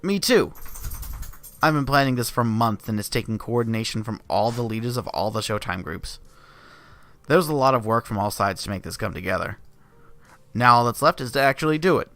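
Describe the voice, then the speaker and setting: A man's voice: mid-range voice, expressive, fairly quick, a bit bright. A man voicing an upbeat, earnest young man organizing a flash mob, read from a visual novel. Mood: eager. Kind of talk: reading a visual novel aloud.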